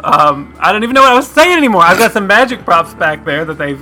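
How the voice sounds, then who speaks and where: A man's voice: high voice, sing-song, fast talker, bright, forceful tone. A man co-hosting a comedy podcast, joking and bantering with his partner and laughing often. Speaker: podcast co-host.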